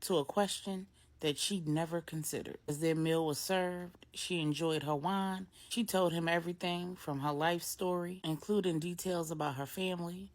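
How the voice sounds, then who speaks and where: A woman with a low voice reading a bedtime story meant for grownups. She narrates in a measured, deliberate way, breaking the story into short, unhurried phrases. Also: steady tone.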